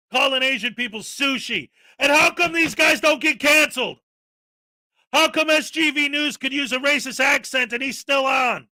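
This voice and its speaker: A man's voice: very high voice, sharp tone, no room sound. A man hosting a daily live-stream, ranting with indignant sarcasm. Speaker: live-stream commentary host.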